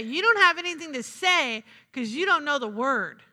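A woman preaching with a very high, piercing voice that rings out through a long hall reverb. She is emphatic, repeats her lines for effect and keeps asking the congregation for an "Amen?". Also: lively intonation, normal speed, pushed and bright. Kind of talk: sermon.

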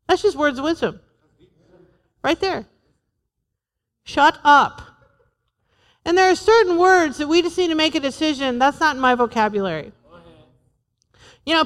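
A woman's voice: extremely high pitch, pushed and bright, long reverb tail. A woman in her forties preaching a sermon to a church, humorous and emphatic, repeating her points. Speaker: pastor's wife preaching.

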